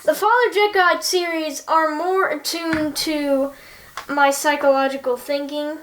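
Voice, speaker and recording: A young woman with a high, light voice chats straight to her channel's viewers. She is bubbly and talkative but earnest when she asks for their input. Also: steady tone, measured pace, fairly bright tone, slight background noise. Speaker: YouTuber. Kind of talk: casual chat to viewers.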